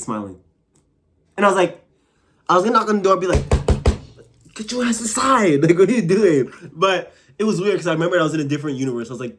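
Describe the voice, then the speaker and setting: Young male vlogger, slightly high voice, rambling animated storyteller, casual fillers throughout.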